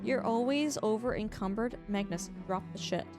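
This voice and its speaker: A woman livestreaming a game, chatting casually and teasingly with her viewers, with quiet music behind her. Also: medium pitch, moderate pace. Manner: chatty, animated, teasing, talks to chat. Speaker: streamer. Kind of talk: casual livestream chat while gaming.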